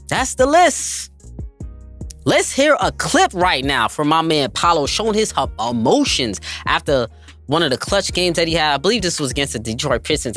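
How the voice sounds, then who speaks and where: A man hosts a basketball podcast in a hyped, emphatic voice. His pitch swings widely as he pushes his points, and soft music plays underneath. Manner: hyped, emphatic, addresses listeners as family. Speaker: podcast host. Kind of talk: enthusiastic basketball commentary.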